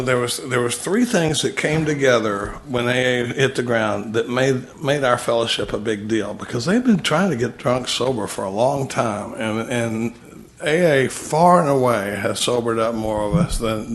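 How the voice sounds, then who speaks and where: A man's voice: mid-range voice, slight background noise. A man giving a folksy, conversational talk to a recovery meeting, often repeating words and restarting sentences.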